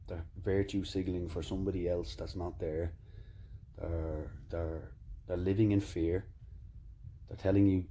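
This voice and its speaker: A man's voice: deep voice, little pitch movement, measured pace, mellow, slight background noise. A man giving a fireside monologue with emphatic, repetitive phrasing and occasional swearing. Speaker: commentator.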